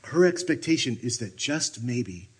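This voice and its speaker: Husky male retreat speaker, animated. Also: medium pitch, unhurried. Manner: animated, swings between loud bursts and hushed near-whispers. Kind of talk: sermon. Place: retreat meeting room.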